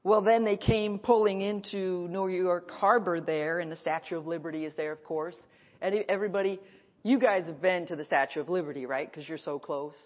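A woman pastor from the United States preaching a sermon at a conference, speaking in emphatic, repeated declarations with dramatic pauses. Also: on the low side, muffled recording. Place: conference hall.

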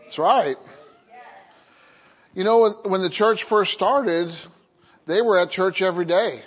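A man's voice: high-pitched, unhurried, muffled recording. A man preaching to his congregation as pastor, reading jokes with chuckles and asking "amen?" between points. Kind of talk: sermon.

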